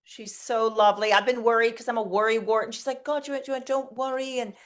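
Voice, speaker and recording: A middle-aged woman from the United States, telling animated, profane stories in a casual interview, with lots of restarts. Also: fairly high pitch, a little fast. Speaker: interview guest, comedic performer.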